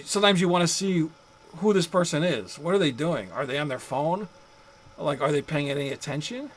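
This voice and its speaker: A fairly high-pitched man with a fairly bright tone gives a psychology lecture, captured as a low-quality classroom recording. He keeps it casual and conversational, with rhetorical asides and impressions of angry drivers.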